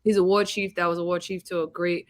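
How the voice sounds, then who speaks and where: A woman in her thirties, a boxing champion being interviewed, telling animated stories with laughs and swearing. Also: fairly low pitch, fast. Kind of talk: casual interview chat.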